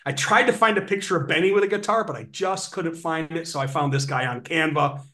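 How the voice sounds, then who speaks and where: A man giving an energetic sales training talk on a video call, animated and acting out sales pitches. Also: a little fast. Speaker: webinar presenter on sales financing.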